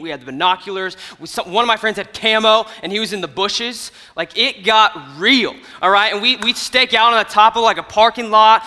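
A young man giving a comedic storytelling sermon at an event, animated and swinging from hushed to loud. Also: sits high. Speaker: youth speaker at an event. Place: large hall at an event. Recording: hall reverb from a stage.

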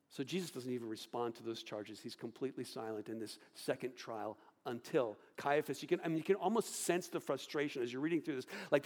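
A man preaching a sermon, swinging between loud outbursts and hushed, low delivery. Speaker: pastor. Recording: long hall reverb.

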